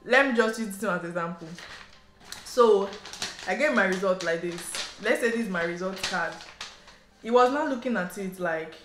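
A woman from Nigeria with a Nigerian English accent, telling a story to camera in a chatty, animated way and sprinkling in local slang. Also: medium pitch, moderate pace, slight background noise. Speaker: vlogger. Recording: roomy echo, faint background music.

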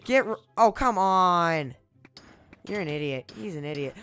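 Bright-voiced goofy young gaming host. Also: male voice, high-pitched, lively intonation, moderate pace. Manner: goofy, exclamatory, with whispered sneaky asides. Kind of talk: let's play commentary.

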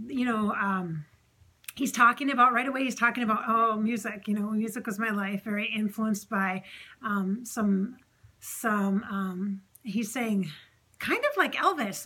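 A woman's voice: a little high, bright, forceful tone. A woman hosting her own channel as a medium, talking in a casual, effusive, rambling way with many fillers. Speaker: psychic medium host. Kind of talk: casual spiritual channeling monologue.

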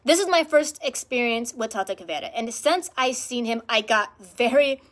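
A woman speaking to camera in a vlog, telling a personal spiritual experience in an animated, emphatic way and repeating words for emphasis. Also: a little high, moderate pace. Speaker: spiritual practitioner vlogger.

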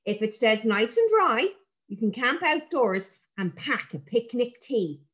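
A woman voicing a brisk, cheerful farm mother in a read-aloud story. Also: a little high, big pitch swings, a bit bright.

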